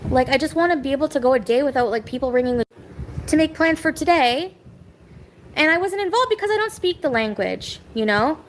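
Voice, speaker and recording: A woman's voice: sits high, expressive, a little fast, slight background noise, low-quality recording. A woman venting on a live stream from her home, rambling and bitter, snapping back at people in the chat. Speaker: livestreamer. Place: home kitchen.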